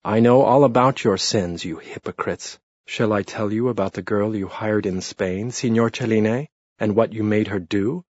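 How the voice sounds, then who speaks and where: A man's voice: fairly low pitch, moderate pace, hardly any pauses, darkish tone, no echo, natural voice. A man voicing a defiant, blasphemous peasant assassin who taunts his captors with weary contempt, in an audiobook reading. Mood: contemptuous defiance. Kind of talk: audiobook narration. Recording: dull lo-fi dry read.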